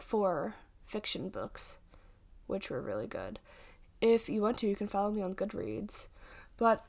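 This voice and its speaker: A woman in her twenties hosting a casual podcast, chatting in a rambling way with many fillers and restarts. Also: on the high side. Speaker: podcast host and paranormal investigator. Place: home.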